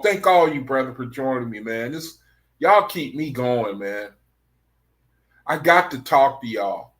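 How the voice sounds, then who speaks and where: A man's voice: mid-range voice, lively intonation, measured pace, fairly bright tone. A man hosting an online study group, talking casually and rambling, repeating himself and calling his viewers brethren. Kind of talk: casual livestream talk to viewers.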